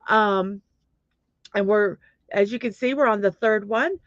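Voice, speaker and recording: Unhurried and medium-pitched, a woman chats her way through a relaxed morning livestream, poking fun at herself and welcoming each arriving viewer by name. The lo-fi recording is dry with no echo and sounds a little muffled.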